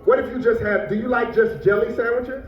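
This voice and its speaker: High-voiced man leading a school assembly. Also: fairly even intonation, a little fast, roomy sound, far from the mic, muffled recording, background noise. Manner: playful, coaxing, invites kids to repeat after him. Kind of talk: lively call-and-response with children.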